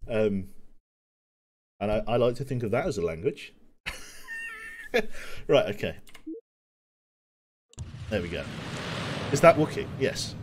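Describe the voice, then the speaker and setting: A man's voice: medium pitch, huge pitch swings, takes it slowly, pauses often, slight background noise. A young man streaming a video game, chatting and joking with his viewers while he plays. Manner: chatty, joking, talks to chat while playing. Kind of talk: casual gameplay commentary.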